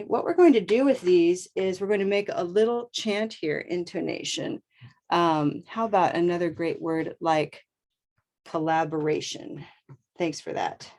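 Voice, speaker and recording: A woman teaching English pronunciation in a live online lesson, modeling vowel sounds slowly and deliberately with upbeat praise. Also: fairly low pitch, darkish tone.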